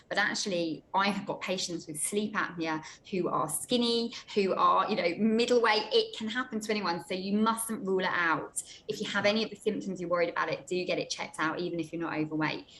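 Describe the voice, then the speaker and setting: A woman doctor explaining sleep problems in a clear, reassuring way, with some small restarts. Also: on the low side, a bit bright, a little hiss or hum, rough recording. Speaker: menopause doctor. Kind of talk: explaining to a panel.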